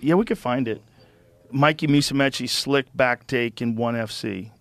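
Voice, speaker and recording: A male podcast host talking casually in a studio with a close mic and a dry sound, no room echo. He explains with animated enthusiasm and swears freely. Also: mid-range voice, normal speed. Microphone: studio microphone.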